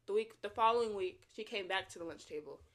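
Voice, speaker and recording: A woman's voice: mid-range voice, fast talker, fairly bright tone. A young woman in her late teens chatting casually as a co-host, telling a dating story with frequent laughs and acted-out quotes. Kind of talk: casual chat.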